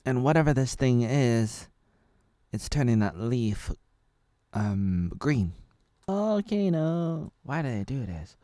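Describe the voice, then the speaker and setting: A man in his thirties from Oregon, reviewing an episode in a loose, jokey ramble packed with fillers. His voice is warm and mellow. The sound is dry and close, with no room echo. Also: mid-range voice, takes it slowly. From Oregon, United States. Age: 30s. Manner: jokey and rambling, full of fillers and silly asides. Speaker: video reviewer.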